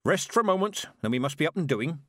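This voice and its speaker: A man voicing a stern, sharp-tongued old woman witch who speaks in curt, commanding tones. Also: a little high, sing-song, quick pace, no echo, clean studio sound, voice pushed up.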